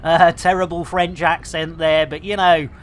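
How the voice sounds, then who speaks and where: A man's voice: a little high, little pitch movement, normal speed, a little hiss or hum. A man chatting through a live game stream, joking with innuendo and giving mock public announcements. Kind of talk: live gameplay stream chat.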